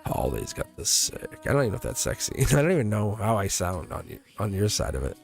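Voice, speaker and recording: A man's voice: fairly low pitch, sing-song, fast talker, vocal fry, a little mellow, soft background music. A man hosting a live tarot stream in a casual, rambling way, chuckling often and joking with his viewers.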